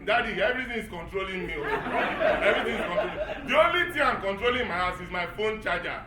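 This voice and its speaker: A man in his thirties with a Nigerian accent performs stand-up storytelling, animated and switching into character voices. His voice sits high for a man. The sound carries the echo of a large event hall. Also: fast, over a noisy crowd, very noisy. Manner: animated, acts out voices with Yoruba phrases. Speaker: stand-up comedian. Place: event hall before a live audience.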